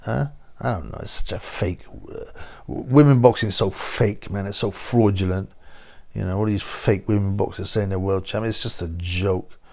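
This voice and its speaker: Channel host, London man, gravelly, blunt and rambling. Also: fairly low pitch, normal speed, a little mellow. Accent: London English. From England. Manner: rambling, blunt, full of slang and asides. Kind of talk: casual opinionated monologue.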